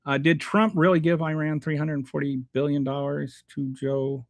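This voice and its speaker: Male host, slightly high voice, dry close sound; casual, halting, exasperated rebuttals to comments. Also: flat delivery, dry recording. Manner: halting, restarts often, blunt and exasperated. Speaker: show host answering viewer comments.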